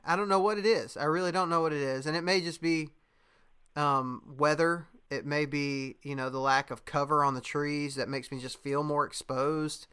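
A man's voice: a little high, steady tone, moderate pace, sharp tone, clear, resonant tone. A young man in casual chat, a podcast host telling a story in a laid-back way, with lots of fillers and laughter.

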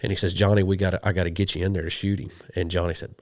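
Brief: very low-voiced Oklahoma man, hunting guest, lively anecdotes, dry close mic. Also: racing, no echo. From western Oklahoma. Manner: animated storyteller, quotes people in dialogue. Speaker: guest, hunting show host. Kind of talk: casual storytelling interview.

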